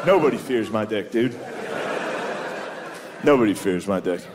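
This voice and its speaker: A man in his thirties with a lowish, expressive voice performs stand-up at a comedy club, speaking a little slowly. He tells loose, profane, self-mocking stories in a live set, with crowd noise and audience laughter behind him.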